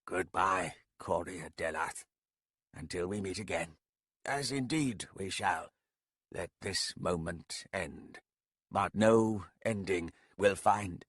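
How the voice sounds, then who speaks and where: A man's voice: mid-range voice, animated, slow pace, hardly any pauses, pushed and bright, dry recording, voice pushed up, heavily acted. A male narrator voicing a weary ancient Jaghut man who speaks with dry wit. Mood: sorrowful. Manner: dry, sardonic.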